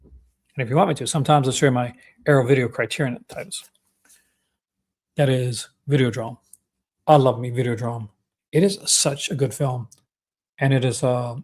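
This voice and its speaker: A man's voice: mid-range voice, a little fast, long pauses, a little mellow. Chatty Canadian man hosting a livestream. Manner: chatty, enthusiastic, with many fillers and restarts. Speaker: livestream host. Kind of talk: casual livestream chat.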